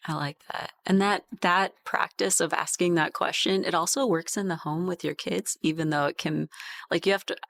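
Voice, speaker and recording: A woman's voice: lowish voice, steady tone, normal speed, gravelly, fairly bright tone, dry recording. A woman who works as a leadership coach, speaking as a mother on a podcast panel in a reflective, earnest way. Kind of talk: casual panel chat.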